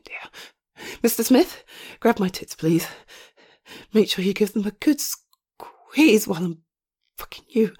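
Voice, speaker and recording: A young woman with a husky, breathy voice pants as she speaks, as if out of breath. Her pitch ranges from low murmurs to high exclamations, and she often drops into a soft whisper. Her delivery is sing-song and a little slow, with long pauses.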